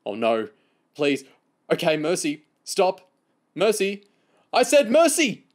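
A man's voice: medium pitch, expressive, moderate pace, close to an everyday voice. A man reading aloud and voicing a cheeky, complaining teenage boy in a storybook reading. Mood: pleading.

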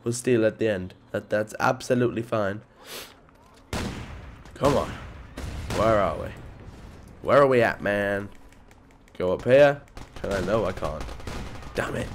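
A man with a stuffy nose from a cold, giving excitable live commentary over his gameplay, muttering one moment and yelping the next. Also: lowish voice, slow, long pauses, noisy background. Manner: excitable, jumps between mutters and yelps. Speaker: gaming video creator.

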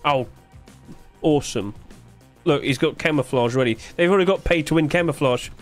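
A man's voice: on the high side, moderate pace, faint music behind. A man giving casual gameplay commentary, thinking aloud, puzzled and joking, with plenty of fillers. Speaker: streamer playing a game.

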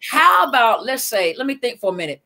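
Greeting viewers by name amid plenty of fillers, a Southern-accented woman who coaches runs a relaxed livestream. She speaks fairly quickly in a slightly high, sing-song voice, with crowd noise in the background.

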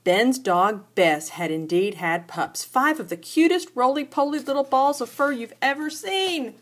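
An older grandmother reads a children's storybook aloud at home, in an animated sing-song manner. Her voice is slightly husky and fairly high. She breaks off now and then to chat with the child listening. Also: unhurried.

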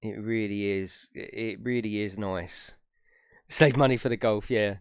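A man's voice: on the low side, steady tone, a little slow, clean tone, no echo, studio quality. A young man casually chatting on a live stream, swearing freely and laughing often. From United Kingdom. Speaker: gaming streamer.

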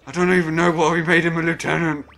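A man's voice: a little high, flat delivery, fast, vocal fry, fairly bright tone, soft background music. A man commentating on a game in casual banter, laughing and swearing often. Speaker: gameplay commentator. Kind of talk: casual let's-play banter.

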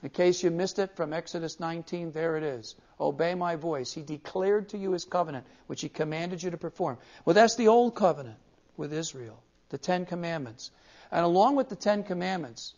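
High-voiced man lecturing from old cassette. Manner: emphatic, repeats key words for stress. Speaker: pastor teaching a class. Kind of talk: classroom theology lecture. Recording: dull lo-fi cassette tape.

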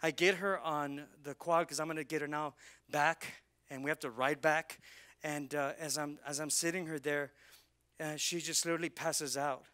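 A man pastor preaching a sermon, telling a personal story and rising to loud, fervent preaching. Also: fairly high pitch, fairly even intonation, normal speed, smooth. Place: church.

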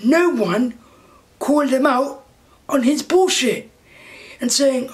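A man's voice: very high-pitched, takes it slowly, long pauses. A man delivering an indignant, heated commentary rant to camera, swearing often and repeating phrases for emphasis. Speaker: YouTube commentator.

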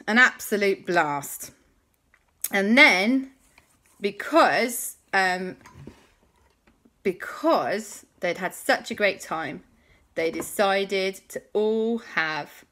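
Lively bright-voiced woman telling a bedtime story. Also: mid-range voice. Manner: chatty, playful asides to listeners. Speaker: children's show host.

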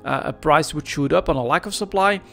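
A man's voice: fairly high pitch, brisk, gravelly. Man talking over faint music. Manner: thoughtful, many fillers and restarts. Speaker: gaming market analyst host. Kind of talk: casual market commentary. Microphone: desk microphone.

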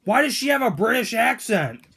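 A man's voice: very high-pitched, sing-song, normal speed, vocal fry, bright, forceful tone, husky, full character voice. A man voicing Toad as a grumpy, whiny male figure in a fan-made cartoon, ranting with indignant questions.

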